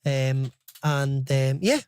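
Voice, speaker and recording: A man's voice: mid-range voice, drawn-out words, a little mellow, clear, resonant tone, dry recording. A man chatting casually on a game live stream, rambling and laughing often.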